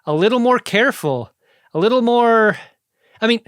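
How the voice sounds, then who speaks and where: A man co-hosting a podcast in casual, animated chat, joking and slipping into quick impressions. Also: very high voice, dry recording, clean studio sound. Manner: animated, jokey, slips into impressions. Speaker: podcast co-host.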